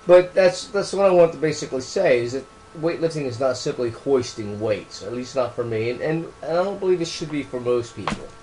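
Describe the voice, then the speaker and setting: A man explaining his training book in a casual, unscripted way, earnest and rambling, often restarting phrases and shifting between soft trailing words and loud emphatic bursts. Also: mid-range voice, expressive, a little fast, slight background noise, poor audio.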